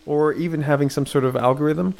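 A man's voice: fairly high pitch, brisk, vocal fry, darkish tone. A man hosting a podcast, rambling and laughing in a casual chat. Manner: rambling, laughing, restarts often. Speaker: podcast host.

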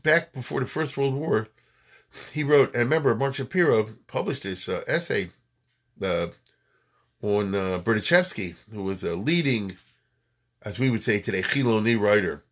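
A man giving an informal lecture to a class. He talks conversationally, full of rhetorical questions and filler words. His pitch swings widely, leaping up when he stresses a point. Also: expressive, normal speed. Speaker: lecturer on Jewish history and thought.

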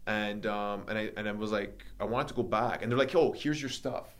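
A man with a low-pitched voice recounts a personal story in a relaxed podcast chat. He talks animatedly, acting out what others said, with plenty of ums and likes. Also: brisk. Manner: animated, reenacts dialogue, many fillers. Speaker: podcast host telling his story.

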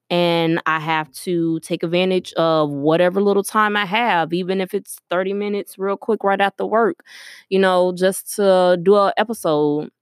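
A woman's voice: on the low side, no room sound, clean studio sound. A young woman hosting her own podcast, talking through her thoughts in an earnest, reflective way, full of ums and you-knows, while recording at her workplace store. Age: young adult. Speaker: podcast host. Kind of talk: casual solo podcast monologue.

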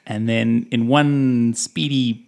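A woman playing a tabletop role-playing game, describing her character's moves in a playful, animated way and laughing often. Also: very deep voice, takes it slowly, vocal fry. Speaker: player.

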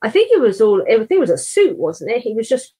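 A woman's voice: fairly high pitch, sing-song, quick pace, warm tone, husky. A woman chatting casually with friends, talking with many fillers. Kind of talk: casual group chat.

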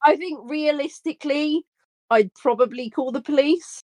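A woman co-hosting a casual podcast, teasing and quick with dry asides. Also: high-pitched, darkish tone, dry recording. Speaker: podcast co-host.

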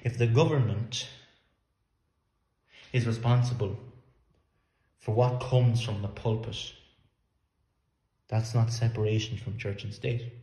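A man's voice: fairly low pitch, fairly even intonation, slow pace, long pauses, mellow. A man preaching a sermon in an earnest, emphatic way, sometimes repeating words as he works through a point. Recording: echoey room.

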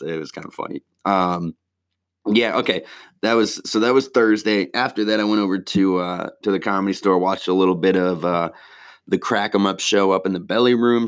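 Low-voiced, laid-back man, swearing freely. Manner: rambling, heavy swearing, laid-back slang. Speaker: stand-up comedian. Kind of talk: casual spoken recap.

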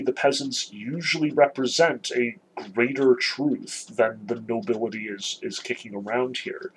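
A man's voice: mid-range voice, a little hiss or hum, low-quality recording. A man giving a conversational literature lecture, explaining with frequent "um" and "you know".

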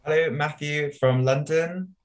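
A man's voice: a little high, a little slow. Easygoing man telling stories on a podcast. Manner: relaxed storyteller with many ums and light laughs. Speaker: podcast co-host. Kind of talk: casual podcast chat.

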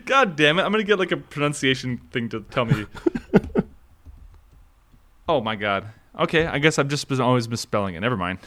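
A man's voice: mid-range voice, animated, fairly quick, long pauses, pushed and bright. A man from Minnesota in his thirties co-hosting a casual podcast chat, laughing often and swearing freely. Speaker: podcast co-host.

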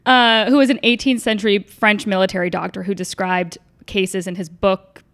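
A woman's voice: mid-range voice, steady tone, moderate pace, fairly bright tone. A woman co-hosting a podcast, explaining a topic in a chatty, casual way. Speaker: podcast co-host. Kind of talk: casual chat.

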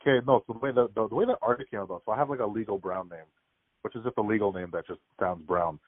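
Guest voice: fast, lower young man, tinny call audio, dry. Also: breathy edge, dry recording. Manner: rapid storytelling, frequent "like" fillers. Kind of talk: casual podcast chat. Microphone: remote call.

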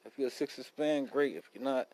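A man's voice: medium pitch, fairly quick, a little mellow, rough recording. A man hosting a casual solo podcast, talking bluntly in a profane, rambling street style. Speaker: podcast host.

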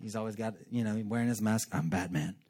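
A male pastor giving a lively, joking sermon and acting out quick character voices. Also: lowish voice, background noise.

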